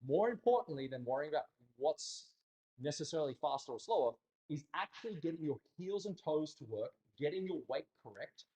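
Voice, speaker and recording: A man teaching a dance class in a studio, talking casually and in an animated way, joking bluntly and swearing now and then. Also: medium pitch. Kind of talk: casual instructional talk.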